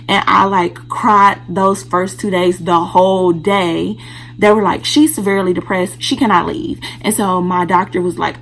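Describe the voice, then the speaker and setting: A woman's voice: mid-range voice, fairly bright tone, slight background noise, low-quality recording. A woman vlogger telling a personal story in a candid, casual way, speaking straight to her viewers.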